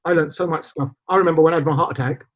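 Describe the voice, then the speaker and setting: A middle-aged man, a podcast guest, telling stories in an animated, chatty way. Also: on the high side, rapid-fire. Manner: storytelling, animated. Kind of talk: casual interview chat. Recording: dull lo-fi sound.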